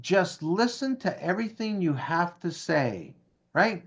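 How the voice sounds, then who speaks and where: A guest being interviewed, this man tells a story energetically, acting out the dialogue and repeatedly asking "right?" and "okay?". His voice sits high and is sing-song, a bit bright, and a little slow.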